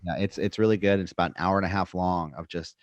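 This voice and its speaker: Low-voiced man hosting a wrestling podcast. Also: fairly even intonation, quick pace, dry recording, highs cut off. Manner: chatty, easily amused, recaps events. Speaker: podcast host. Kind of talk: casual chat and wrestling recap.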